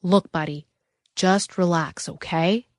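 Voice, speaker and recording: A woman voicing a calm, poised male soldier who talks in a low, soothing, coaxing way. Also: slow, dry recording, studio quality.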